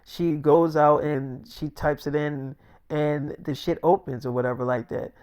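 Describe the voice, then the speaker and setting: A man's voice: on the high side, steady tone, measured pace, a little mellow, clear, resonant tone. A man casually recapping a game playthrough, profane and rambling with offhand asides. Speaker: storyteller.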